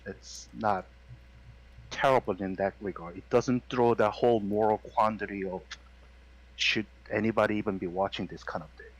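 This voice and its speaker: A man co-hosting a casual anime review chat, wry and measured as he explains his views at length. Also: fairly low pitch, fairly even intonation, muffled recording. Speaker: podcast co-host.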